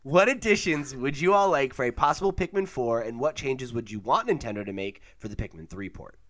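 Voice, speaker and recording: A young man hosting a casual podcast, laid-back and quick to laugh, with lots of fillers. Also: mid-range voice, animated, a bit bright. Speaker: podcast host.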